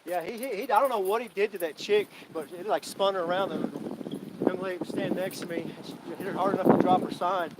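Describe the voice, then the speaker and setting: A breathless man with a high voice livestreams as he walks down a hot city street, talking bluntly and crudely. His phone mic picks up loud traffic and street noise around him. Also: brisk. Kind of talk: casual live chat while walking. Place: city street outdoors in summer heat. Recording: noisy outdoor street with traffic.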